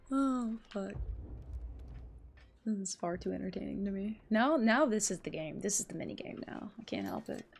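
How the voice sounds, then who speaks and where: A woman's voice: mid-range voice, big pitch swings, measured pace, gravelly, pauses often, slight background noise. A woman live-streaming a game, chatting casually with her viewers, swearing freely and laughing often. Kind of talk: casual live-stream chat while gaming.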